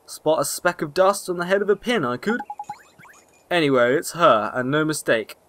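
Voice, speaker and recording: A man voicing a cheeky, excitable male fairy who talks in brash slang, with game music behind. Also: on the high side, moderate pace, slight background noise, pitched above the performer's own voice.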